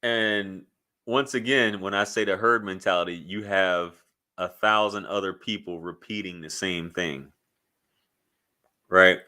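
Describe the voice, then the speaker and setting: A man's voice: low voice, unhurried, bright, forceful tone. A man speaking bluntly and profanely in a casual commentary vlog, rambling with frequent restarts. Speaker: YouTube commentator.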